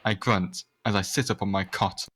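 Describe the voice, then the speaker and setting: A man's voice: deep voice, steady tone, moderate pace, fairly bright tone. A young man reading a fanfic aloud to friends in a sarcastic, overacted way, now and then tripping over words. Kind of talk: mocking dramatic read-aloud.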